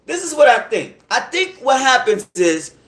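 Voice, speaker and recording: Animated man ranting in a roomy space. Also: very high voice, moderate pace. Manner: animated, heated ranting with profanity and repeated "right?". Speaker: podcast host. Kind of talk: casual storytelling monologue. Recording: roomy echo.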